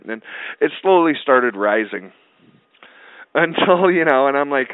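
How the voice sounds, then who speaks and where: A man's voice: mid-range voice, lively intonation, moderate pace, pauses often, smooth, no room sound. Man, guest on a call-in interview, blunt and profane, tinny dry phone line. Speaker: guest film producer. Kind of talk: casual storytelling interview.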